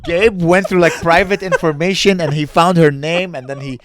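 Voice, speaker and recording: A man's voice: a little high, fairly even intonation, moderate pace, slight background noise. A young man co-hosting a comedy podcast, easygoing and chuckling as he tells stories and promotes shows. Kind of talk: casual chat.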